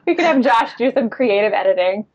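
A woman's voice: a little high, animated, fairly quick, dull audio. A woman in casual podcast chat, teasing and playful.

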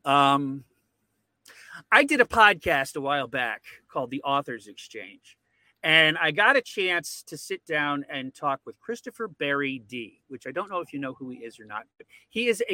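Bright, energetic man guest. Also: a little high, moderate pace, dry recording. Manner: rambling, repeats words when excited. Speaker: podcast guest. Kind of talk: casual interview.

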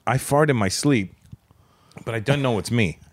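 A man in casual podcast chat, an animated storyteller who acts out the voices in his anecdotes. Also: medium pitch, normal speed.

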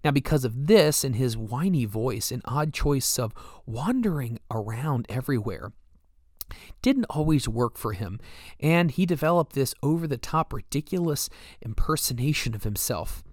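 Male narrator, first-person memoir reading, mid pitch, dry close-miked sound. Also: expressive, moderate pace, no echo.

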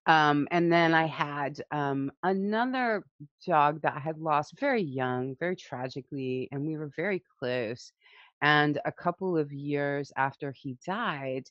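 Low-pitched woman guest, chatty and emotional; dry, muffled audio. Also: unhurried, fairly bright tone, dry recording. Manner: emotional, laughs often, tells stories. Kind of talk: casual conversation.

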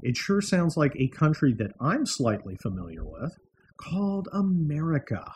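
A middle-aged man talks through his podcast from a room at home, wry and sarcastic, slipping into mocking asides. His voice sits at an ordinary pitch, and a faint hiss of room noise runs underneath. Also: wildly swooping pitch, moderate pace, darkish tone. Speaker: podcast host. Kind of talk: casual political monologue.

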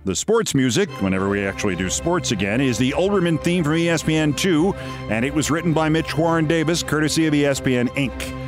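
A man's voice: fairly high pitch, brisk, over music. A man hosting a show and delivering a sardonic, theatrical commentary monologue. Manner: sardonic, dryly theatrical storytelling. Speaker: host.

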